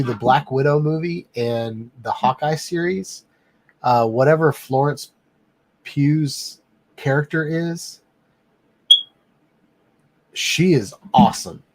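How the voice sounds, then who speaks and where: A man hosting a casual live stream, rambling and filling pauses with lots of "um.". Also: medium pitch, darkish tone. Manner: rambling, many "um" fillers. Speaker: livestream host.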